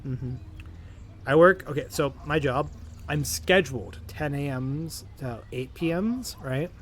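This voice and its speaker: A man's voice: fairly high pitch, slow pace, slight background noise. A young man, chatting in a loose, rambling way as a tired streamer. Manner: rambling, full of fillers and restarts, tired. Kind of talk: casual rambling chat.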